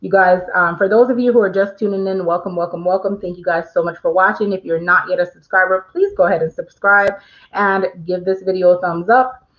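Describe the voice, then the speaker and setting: A woman's voice: lowish voice, brisk, highs cut off. A woman hosting a casual livestream, chatting with viewers and reading their questions aloud, with frequent fillers. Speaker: livestream host.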